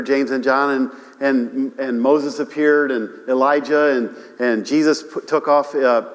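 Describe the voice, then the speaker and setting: A man preaching a sermon to his congregation, animated, often repeating himself and calling for amens. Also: medium pitch, long reverb tail. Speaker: pastor. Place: church sanctuary.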